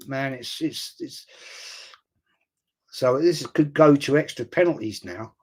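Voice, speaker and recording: A middle-aged man chatting through a live football watch-along stream, rambling and excitable and swearing freely. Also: mid-range voice, unhurried, long pauses, husky.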